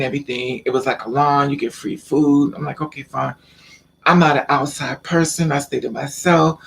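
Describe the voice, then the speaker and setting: A man sits and talks straight to the camera, spinning a long personal story in a loose, rambling way. His voice sits a bit higher than most men's and carries a gravelly fry. He talks in animated, slangy street speech. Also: slight background noise. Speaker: vlogger. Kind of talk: casual storytelling monologue.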